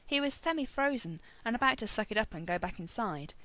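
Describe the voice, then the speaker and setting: A woman reading a story aloud as narrator, expressive and wry. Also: fairly high pitch, a little fast, dry recording.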